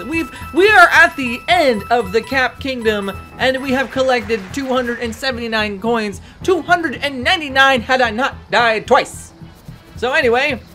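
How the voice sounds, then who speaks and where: A woman's voice: a little high, sharp tone. A woman hosting a let's play, giving chatty, rambling and self-mocking commentary over gameplay.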